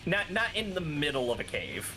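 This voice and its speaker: A man's voice: a little high, wildly swooping pitch, normal speed, sharp tone, soft background music. A man from the southern United States, hosting a game stream in casual chat, rambling with restarts and swearing freely. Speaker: streamer host. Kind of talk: casual chat while gaming.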